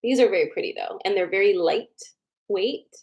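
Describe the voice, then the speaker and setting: A young woman talks casually to viewers on a live stream, greeting people by name. She slows down to repeat each choice before she pulls cards. Her voice sits at an ordinary middle pitch. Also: a little mellow, highs cut off. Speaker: livestream host doing card readings. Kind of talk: casual livestream chat.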